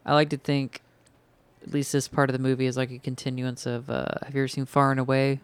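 A man's voice: medium pitch, level tone, quick pace, clear, resonant tone. A young man co-hosting a casual podcast, chatting about movies. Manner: chatty, recommends films. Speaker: podcast co-host. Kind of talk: casual chat watching a movie.

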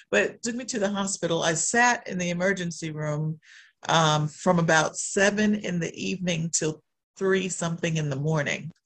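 A woman giving a testimony in a sermon, telling the story in an animated way with repeated refrains. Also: fairly low pitch.

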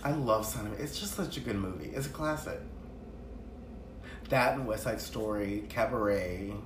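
A man chatting casually and telling animated stories while doing makeup with a friend. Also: lowish voice, normal speed. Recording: echoey room, distant mic, noisy background.

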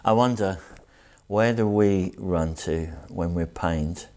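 Deep-voiced man preaching a sermon. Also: a little mellow. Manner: earnest, reflective, slows down for emphasis. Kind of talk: sermon with scripture reading.

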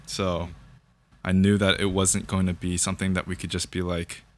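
A young man calmly sharing his faith story in conversation, thinking aloud and often checking in with "right?". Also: deep voice, normal speed. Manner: reflective, thinks aloud with fillers and repeated "right?". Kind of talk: casual conversation about faith.

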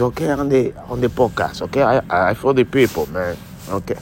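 A man chatting casually outdoors on a cold morning, animated, sprinkling his talk with "honey" and "man.". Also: medium pitch, fairly quick, slight background noise. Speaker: vlog co-host. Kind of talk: casual banter while doing chores.

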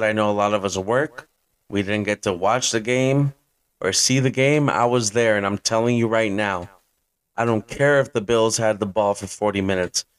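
A man's voice: on the low side, clear, resonant tone. A man in his twenties hosting a fantasy football podcast, ranting hyped-up and blunt, with some swearing. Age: 20s. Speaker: podcast host.

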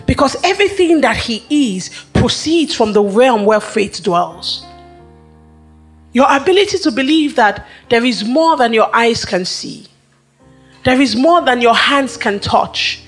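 High-voiced woman preaching a sermon. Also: expressive, slightly rough, soft background music. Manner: rhythmic, repetitive phrasing with emphatic pauses.

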